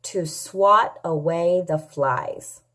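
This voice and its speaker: A woman teaching a children's phonics lesson, sounding out letters and words clearly and patiently, asking questions and answering them herself. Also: fairly low pitch, drawn-out words, fairly bright tone. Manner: patient, asks and answers her own questions. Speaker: English teacher.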